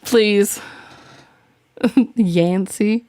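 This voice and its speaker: A woman's voice: medium pitch, expressive, slow pace, no echo, studio quality. Giggly woman hosting a podcast. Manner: giggly, rambling, laughs often. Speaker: podcast host. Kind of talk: casual podcast chat.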